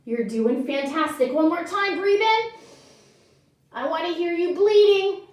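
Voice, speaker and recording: A woman leading a children's yoga class and telling a story, gently cueing breaths and moves and praising often. She sounds far from the mic in an echoey room. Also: very high-pitched, animated, a little slow. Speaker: kids' yoga teacher.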